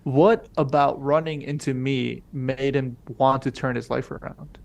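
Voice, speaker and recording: A man's voice: medium pitch, steady tone, measured pace, gravelly, a little mellow. A young man co-hosting a podcast, telling a rambling, profane story in casual slang and acting out the people he quotes. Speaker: podcast co-host.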